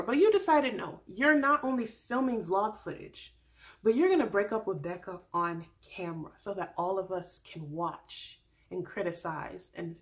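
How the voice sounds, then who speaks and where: Young woman, vlogger, casual recap, exasperated, animated, mid pitch. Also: normal speed. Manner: animated, exasperated, acts out quoted dialogue. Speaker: vlogger recapping a reality show.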